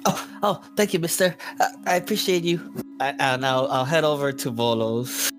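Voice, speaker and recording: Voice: medium pitch, normal speed, music in the background, voice pushed down, close to an everyday voice. A player voicing a timid, polite young male adventurer in a tabletop game, stammering and hesitant.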